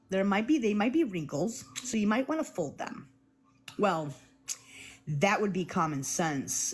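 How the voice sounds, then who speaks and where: Playful woman doing a mock-official bit. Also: fairly low pitch. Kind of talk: playful improvised skit.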